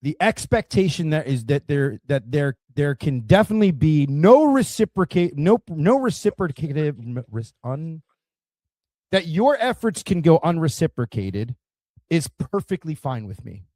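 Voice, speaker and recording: A man's voice: on the high side, sing-song, moderate pace, a little mellow, no room sound. A man hosting a podcast who talks in a reflective way and often restarts as he searches for words. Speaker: podcast host. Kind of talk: casual podcast conversation.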